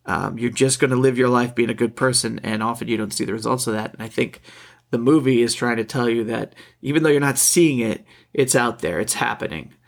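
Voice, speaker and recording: Man, podcast co-host, casual film talk, halting, repeats words, mid-pitched voice. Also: vocal fry. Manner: halting, repeats words while searching for thoughts.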